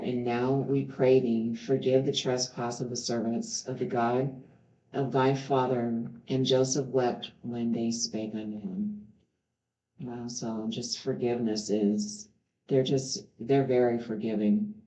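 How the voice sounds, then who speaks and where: Reading from the Bible, a woman earnestly stops at times to react with heartfelt remarks. Her voice is extremely low-pitched and dark, captured in a roomy, somewhat dull home recording.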